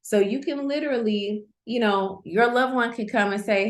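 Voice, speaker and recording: Middle-aged female coach, chatty lesson delivery, mid-pitched voice, echoey room. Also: normal speed, hardly any pauses. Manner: lively, conversational, repeats points for emphasis. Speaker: host, coach. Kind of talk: online masterclass teaching. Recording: roomy echo.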